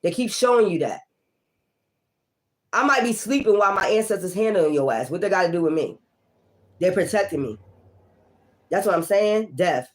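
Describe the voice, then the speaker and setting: A woman giving a casual tarot reading, blunt, profane and confrontational, moving between loud outbursts and low muttering. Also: animated, normal speed, pauses often. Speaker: tarot reader.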